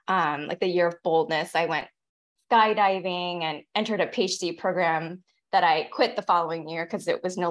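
A woman in her forties, a featured poet, reading her poems slowly and deliberately, then chatting quickly between them over a video call. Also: lowish voice. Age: 40s. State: tearful, voice catching. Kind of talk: poetry reading with spoken asides.

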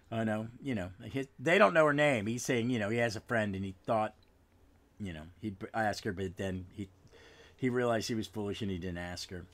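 Rambling man recapping a comic. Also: medium pitch. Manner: rambling, halting, with frequent restarts and trailing asides. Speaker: podcast host. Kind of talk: casual comic book recap.

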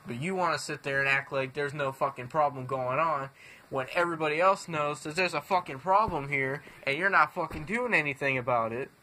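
A man's voice: a little high, a little fast, bright, forceful tone, a little hiss or hum. A young man ranting angrily and swearing constantly as a fed-up wrestling fan. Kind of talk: angry profane rant.

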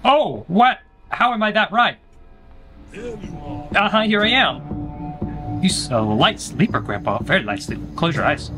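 A man's voice: sits high, very animated, slow pace, pauses often, music in the background. A man streaming a horror game, joking and talking back to the game's characters in playful commentary.

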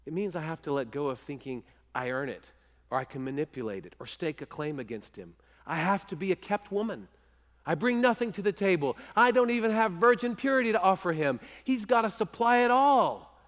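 High-voiced preacher in a ringing sanctuary. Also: male voice, animated, brisk, long reverb tail. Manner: earnest, often dropping to a hushed, intimate voice. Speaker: pastor. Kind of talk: sermon. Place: church sanctuary.

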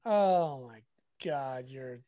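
A man's voice: mid-range voice, very slow. A sports photographer chatting on a podcast, a man with a Southern Californian accent, telling a story and acting out what others said. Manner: animated, acts out quoted dialogue. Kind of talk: casual storytelling.

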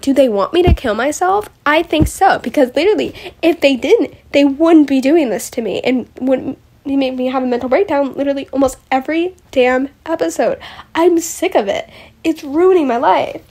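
A woman's voice: high voice, darkish tone. Rambling young woman podcast host. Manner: rambling, emotional, lots of fillers and restarts. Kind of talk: casual solo podcast recap.

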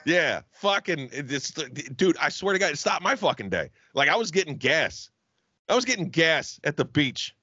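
A man co-hosting a crude comedy podcast, telling profane stories in an animated way. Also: a little high, moderate pace, breathy edge, dry recording. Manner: profane, animated storytelling with sudden loud put-on voices. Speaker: podcast co-host. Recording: dull, slightly lo-fi dry sound.

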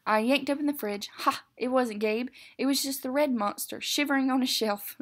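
A woman teacher reads a funny picture book aloud in an expressive storytelling voice. Her voice sits fairly high, and she sometimes stumbles and corrects a word. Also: normal speed. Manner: expressive, with some self-corrections.

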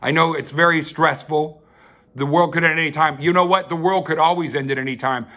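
A man's voice: on the high side, steady tone, brisk, pushed and bright. A man hosting his own loose, rambling sermon, heartfelt and profane, with frequent restarts. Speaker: self-styled televangelist host.

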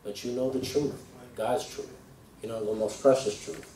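A man's voice: fairly low pitch, fairly even intonation, moderate pace, slight background noise. Man preaching a conversational sermon. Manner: conversational, asks "right?" and "okay?", rises loud when reading scripture. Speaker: deacon preaching. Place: church hall. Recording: echoey room, voice from a distance, faint ambience.

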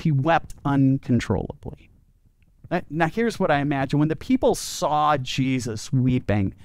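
A man's voice: fairly high pitch, darkish tone, no echo. Earnest male pastor preaching. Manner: earnest storytelling with frequent word repeats. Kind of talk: sermon. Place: church.

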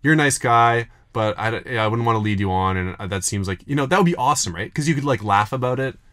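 Teasing young man, bright and lively. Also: medium pitch, fast talker. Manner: teasing, riffs with mock dialogue. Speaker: podcast co-host. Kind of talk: casual banter.

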